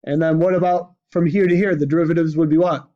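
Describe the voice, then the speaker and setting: A male math teacher lectures his class quickly in a warm, steady voice on the high side, constantly prompting students with questions like "right?" The classroom recording is dull and lo-fi.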